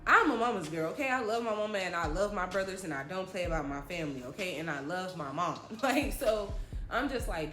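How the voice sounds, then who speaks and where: A woman's voice: on the low side, lively intonation, brisk, fairly bright tone, echoey room, soft background music. A young woman telling a story in a dramatic, chatty, slangy way, often addressing viewers directly. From New Jersey. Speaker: storytime vlogger. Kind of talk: animated storytelling.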